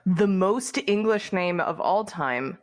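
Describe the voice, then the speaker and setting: A woman's voice: on the low side, lively intonation, takes it slowly. A woman co-hosting a podcast in casual chat, chatty and rambling as she asks trivia questions. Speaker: podcast co-host.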